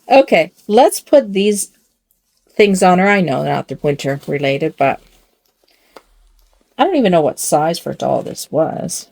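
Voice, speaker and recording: A woman's voice: lowish voice, very animated, unhurried, gravelly, pauses often, darkish tone. An older woman hosting a casual doll video, talking to herself as she dresses a doll, rambling and poking fun at herself with frequent chuckles. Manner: rambling, self-mocking, chuckling often. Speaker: doll channel host.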